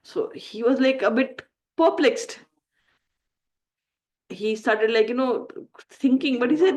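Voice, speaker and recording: A woman teaching a scripture class, telling a story and acting out its lines with lively shifts of voice. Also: takes it slowly, pauses often. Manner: animated, acts out quoted lines with rising pitch. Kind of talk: storytelling lesson.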